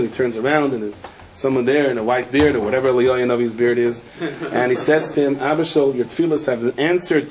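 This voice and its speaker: A male rabbi with a Yeshivish accent giving a Torah lecture, telling a story and acting out the voices in it. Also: medium pitch. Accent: Yeshivish English with Yiddish and Hebrew words. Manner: animated storyteller, acts out quotes in raised voices.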